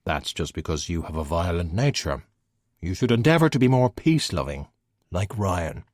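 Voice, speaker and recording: A man voicing a deadpan, sardonic skeleton detective in an audiobook. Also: sits low, normal speed, dry recording, clean studio sound. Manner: deadpan, wry.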